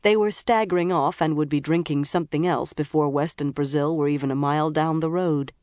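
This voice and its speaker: An audiobook narrator telling a gritty crime story in a steady, wry voice at a middling pitch. The read is dry and close, with no room around it. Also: brisk, dry recording. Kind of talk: scripted narration.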